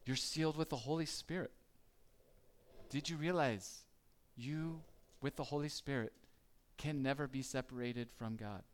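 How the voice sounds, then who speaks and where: A man's voice: mid-range voice, unhurried, pauses often, slight background noise. A man preaching a conversational sermon, asking the listeners questions and acting out their worries. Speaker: pastor.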